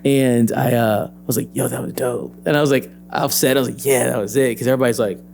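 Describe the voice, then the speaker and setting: A young adult man, an actor and PE teacher, telling his story as an interview guest, lively and acting out the voices he quotes. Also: medium pitch, fast talker, gravelly, soft background music.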